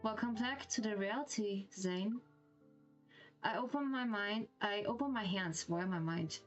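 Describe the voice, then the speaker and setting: A woman's voice: mid-range voice, unhurried, muffled recording, soft background music. A woman streamer with a German accent who reads a game story aloud and reacts with giggly, gushing comments.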